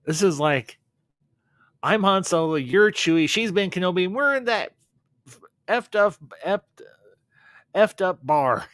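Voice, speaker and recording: Man doing a brash young stoner guy, loud, excitable, foul-mouthed, high and pushed. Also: a little slow, long pauses, no echo, studio quality.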